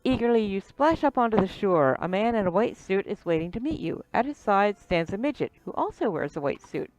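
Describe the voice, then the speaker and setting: A woman's voice: mid-range voice, lively intonation, fairly quick, a little mellow, soft background music, low-quality recording. A woman reading an adventure game's text aloud and chatting about it casually, now and then stumbling over names. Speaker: let's play host.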